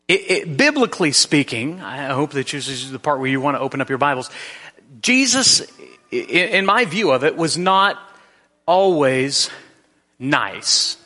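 A man's voice: fairly high pitch, big pitch swings, a little slow, bright, forceful tone, in a large hall. A man preaching a sermon in a conversational way, often restarting his sentences. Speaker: pastor.

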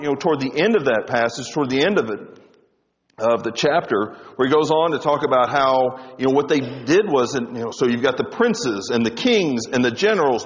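Man, preaching, animated swings in pitch, long hall echo. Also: lo-fi sound. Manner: animated preaching, rising and dropping for emphasis. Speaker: pastor. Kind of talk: sermon.

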